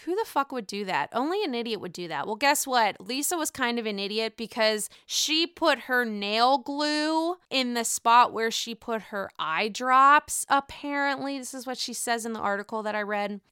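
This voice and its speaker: Young woman podcast host, bright crisp voice, swears freely, sarcastic gossip energy. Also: on the high side, dry recording, clean studio sound. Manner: profane, sarcastic, animated. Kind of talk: casual reality TV recap.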